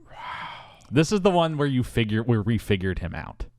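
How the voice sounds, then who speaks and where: A man hosting a podcast, telling a story in a mock-grandiose, animated way in casual chat. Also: mid-range voice, normal speed, no echo, studio quality. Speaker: podcast host.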